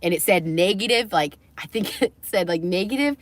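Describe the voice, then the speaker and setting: A woman's voice: medium pitch, animated, moderate pace, dry recording. A young adult woman livestreaming, telling a personal story in a candid, rambling way, swearing and laughing between phrases.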